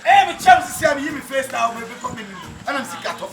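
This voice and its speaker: A man with a Ghanaian accent acting a loud man arguing over money in a comedy skit, insistent and mixing languages. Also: extremely high pitch, very animated, fast talker, over music, full character voice. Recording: roomy outdoor recording with crowd noise.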